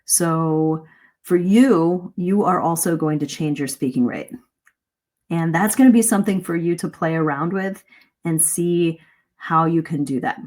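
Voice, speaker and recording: Lively woman teaching speaking skills. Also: sits low, a little slow. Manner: lively, varies pace and emphasis to demonstrate. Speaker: English speaking coach. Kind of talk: live-stream speaking lesson.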